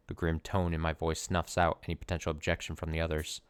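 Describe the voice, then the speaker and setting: Deep-voiced man reading game text. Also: monotone, fast, clean tone, no room sound. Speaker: let's play narrator.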